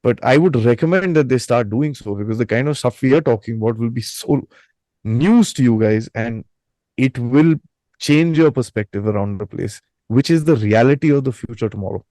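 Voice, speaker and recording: A man's voice: mid-range voice, moderate pace, mellow, dry recording, low-quality recording. A man, a guest giving opinions emphatically with rhetorical questions. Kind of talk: opinionated talk.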